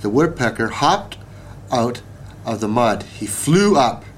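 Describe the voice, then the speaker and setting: A man reads a children's story aloud at an unhurried pace, his voice rising and falling with feeling. There is a faint hiss behind him. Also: mid-range voice. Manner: slow, expressive reading.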